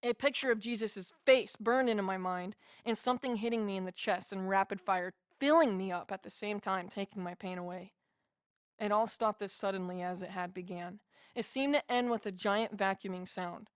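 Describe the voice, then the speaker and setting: A woman's voice: mid-range voice, normal speed, no echo, clean studio sound. A woman narrating a first-person memoir as an audiobook, in an earnest, heartfelt way.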